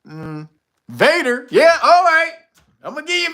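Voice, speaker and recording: High-voiced guy on a livestream, bright tone, loud and cussing, cracking up at chat. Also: animated, unhurried. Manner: loud, profane, laughs often, reacts to viewer comments. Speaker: livestream host reading chat. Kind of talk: casual livestream commentary.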